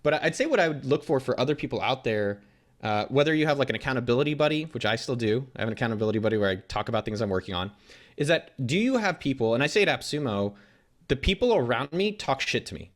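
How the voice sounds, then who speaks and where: Man, blunt and quick, casual guest interview, salty language, medium pitch. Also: animated. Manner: blunt, fast, swears freely, acts out quotes. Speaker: guest entrepreneur.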